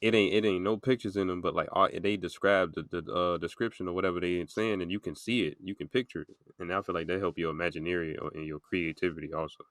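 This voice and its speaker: Deep-voiced young man, rambling casually. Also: fairly even intonation, fast talker, hardly any pauses, fairly bright tone, dry recording. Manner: rambling, filler-heavy storytelling with many "like"s. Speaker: podcast host. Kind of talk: casual podcast chat.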